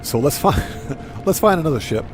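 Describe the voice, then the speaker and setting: A man's voice: on the high side, animated, normal speed, over music. A man streaming a game live, telling dad jokes, laughing at his own punchlines and reading chat messages aloud.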